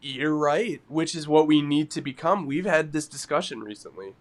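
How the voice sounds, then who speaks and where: A man co-hosting a podcast, telling stories in a giggly, animated casual chat. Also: a little high, normal speed. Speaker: podcast co-host.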